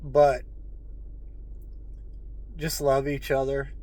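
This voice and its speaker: A man's voice: mid-range voice, monotone, very slow, a little mellow, low-quality recording. A man hosting his own channel, speaking earnestly and repeatedly calling his listeners folks, at times choked up with emotion. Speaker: host. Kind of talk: heartfelt monologue to viewers.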